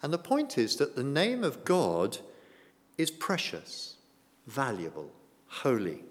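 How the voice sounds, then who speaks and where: A man gives a sermon in a conversational way, often turning to the congregation with questions. His pitch moves in a lively, animated way. The sound carries the long reverb of a church hall. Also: slow. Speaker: preacher.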